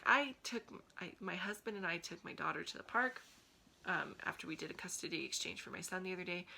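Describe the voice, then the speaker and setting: A woman speaking earnestly to camera with a lowish, bright voice that carries a forceful edge. She pleads and encourages in a heartfelt vlog. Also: vocal fry, low-quality recording. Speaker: vlogger.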